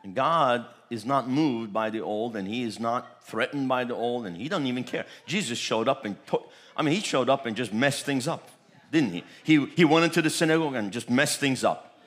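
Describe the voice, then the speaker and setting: A man's voice: medium pitch, lively intonation, moderate pace, fairly bright tone. A man preaching a charismatic sermon, repeating phrases, chuckling often and breaking into tongues. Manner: repetitive, chuckling, bursts into tongues.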